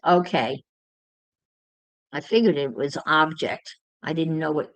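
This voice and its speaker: Slow, musing woman crafting on a livestream. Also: low-pitched, no room sound, low-quality recording. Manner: musing aloud, chatting to viewers. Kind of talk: casual chat while crafting.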